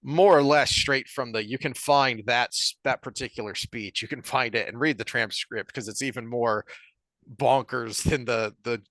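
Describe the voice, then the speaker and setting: A man's voice: mid-range voice, a bit bright, dry recording. A man co-hosting a podcast, casually discussing a book and reading passages aloud with lots of restarts. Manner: halting, reads passages aloud, many restarts. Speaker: podcast co-host.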